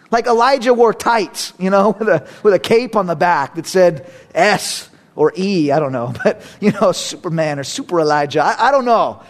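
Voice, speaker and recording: High-voiced pastor preaching with animated storytelling. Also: male voice. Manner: animated storytelling, acting out characters; swings between loud emphasis and quiet asides. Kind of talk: sermon.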